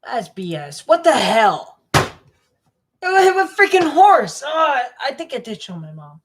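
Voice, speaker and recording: A man's voice: sits high, sing-song, moderate pace, fairly bright tone, a little hiss or hum. A young man talking to himself as he clicks around his computer for a vlog. He mumbles, rambles and grumbles about what he finds. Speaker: vlogger. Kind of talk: rambling screen-recording commentary.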